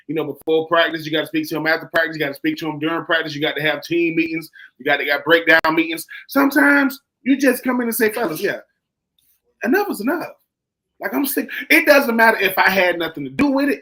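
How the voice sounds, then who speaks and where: A young man talks sports with a noticeably high voice. He is emphatic and animated, hammering points by repeating them. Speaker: co-host. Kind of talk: sports talk radio chat.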